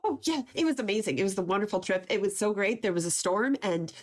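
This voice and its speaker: A woman's voice: medium pitch, animated, fast talker. A woman playing a tabletop game, bubbly and giggly. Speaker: player. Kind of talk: casual play chat.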